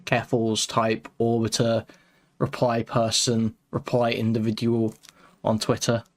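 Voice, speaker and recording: A man narrating a commentary video in a measured, hesitant way, pausing with fillers. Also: fairly low pitch.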